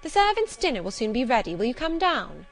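A woman voicing a busy woman cook who asks brisk, practical questions. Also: fairly high pitch, big pitch swings, soft background music, voice pushed up.

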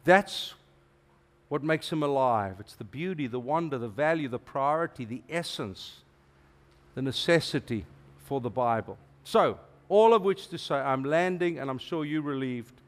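A middle-aged man, preaching a sermon as a guest preacher in an animated, emphatic way with playful asides. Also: medium pitch, moderate pace.

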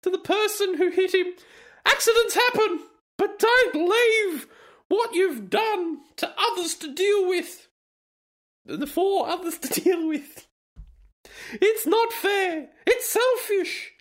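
Shrill falsetto woman, as a man mocks her. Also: expressive, slow, a bit bright, full character voice. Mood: mocking. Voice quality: high falsetto. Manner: mocking, overwrought. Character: shrill sentimental woman posting online. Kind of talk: comedic reading of posts.

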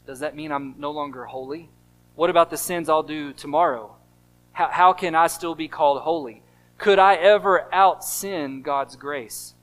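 A male pastor with an American accent preaching a sermon, stressing key phrases over and over and swinging between loud emphasis and quiet asides. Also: fairly high pitch, rough recording.

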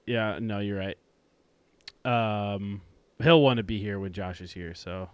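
With a clean, lowish voice and an unhurried pace, a young podcast host keeps things relaxed, laughing frequently as he chats and reads an ad.

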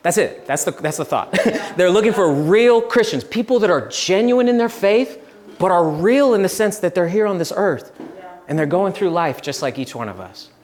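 Young guy preaching, slightly high voice, loose and chatty, laughs through his stories. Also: normal speed. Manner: relaxed, chatty storytelling with laughs and restarts. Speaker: pastor. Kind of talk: casual sermon with storytelling.

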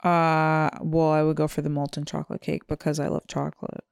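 A woman's voice: low-pitched, completely flat delivery, fairly quick, creaky, smooth, no echo. A woman co-hosting a comedy podcast, chatty and self-mocking, close to the mic. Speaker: podcast co-host. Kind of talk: casual comedy chat.

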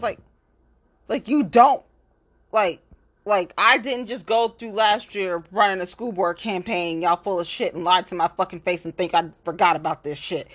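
A woman's voice: mid-range voice, moderate pace, a bit bright. A woman talking in a casual monologue, blunt and heavily profane, rambling from one complaint to the next. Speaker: local political activist.

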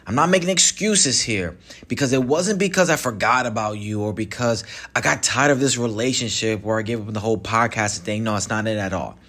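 A man's voice: lowish voice, fairly quick, fairly bright tone. A man hosting his own podcast, talking casually and directly to listeners in a chatty, conversational way with restarts. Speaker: podcast host. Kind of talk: casual solo podcast talk. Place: Mexico.

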